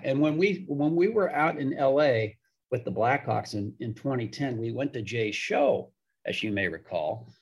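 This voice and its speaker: Husky man spinning a story. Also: mid-range voice, animated, moderate pace. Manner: chatty anecdotal storyteller, acts out quoted voices. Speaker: hockey broadcaster. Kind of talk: storytelling podcast interview.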